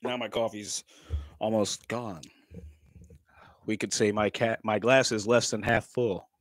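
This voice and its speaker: A man's voice: lowish voice, fairly even intonation, a little slow, no room sound. A man, chatting casually on a livestream, joking, laughing often and swearing freely. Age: 30s. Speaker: livestream vlogger.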